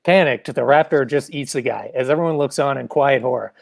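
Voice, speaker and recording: A man reading the stage directions of his own comedy sketch in a deadpan way. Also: mid-range voice, a little fast, gravelly, no echo.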